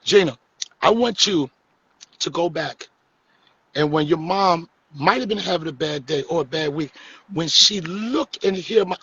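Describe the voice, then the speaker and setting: Husky-voiced man teasing on a live stream. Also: on the high side, a bit bright, highs cut off. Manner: joking, teasing, profane. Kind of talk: casual comedic chat.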